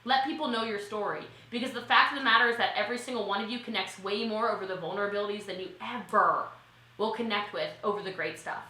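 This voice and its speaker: A woman from rural Maryland giving a chatty, animated motivational talk as a network marketing coach, laughing and saying "like" and "okay" a lot, a little teary. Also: medium pitch, fast talker, roomy sound, rough recording. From Frederick County, Maryland. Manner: animated, laughing, swings from loud to soft. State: teary, eye watering. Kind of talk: casual motivational talk to camera.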